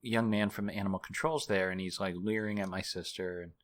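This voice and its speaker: Low-voiced man telling a rambling story. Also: steady tone, fairly quick. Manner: rambling, self-mocking, many fillers and restarts. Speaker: guest, author and journalist. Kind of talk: casual storytelling interview.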